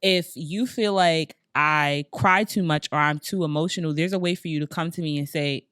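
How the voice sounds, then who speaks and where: Low-voiced candid woman podcast co-host. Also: normal speed, few pauses, a bit bright, clean tone, dry recording, studio quality. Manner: candid, emotionally open, chatty. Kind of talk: casual podcast chat.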